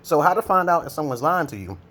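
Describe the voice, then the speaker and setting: A man's voice: sing-song, quick pace. Profane rambling man vlogger. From Brooklyn, New York. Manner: loud, laughing rants with sudden high shouts.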